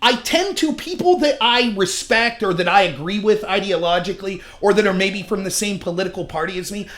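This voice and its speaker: A man hosting a casual political live-stream chat, talking in an animated way, laughing and mimicking opponents in quoted voices. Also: high-pitched, brisk. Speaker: channel host.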